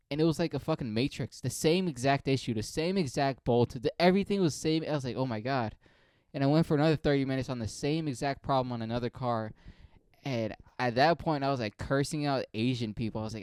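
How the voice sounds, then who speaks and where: A man's voice: mid-range voice, brisk, a little mellow, dry recording, studio quality. A young man from Africa telling a profane, exasperated comedic story in a casual rant.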